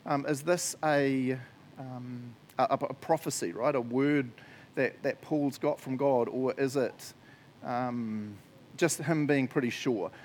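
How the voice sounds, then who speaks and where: A man's voice: medium pitch, slow pace, a little mellow, a little hiss or hum. A man giving a casual, joking sermon, often laughing as he talks. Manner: chatty, jokey, laughs often. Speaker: preacher.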